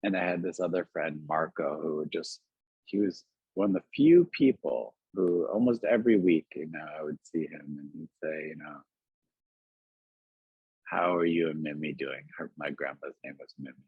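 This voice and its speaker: A man talking gently and reflectively as a guest author on a video call, musing aloud with many "like"s and "you know"s. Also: rumbling low, normal speed, breathy edge, no room sound. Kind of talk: reflective conversation. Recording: dull lo-fi webinar audio.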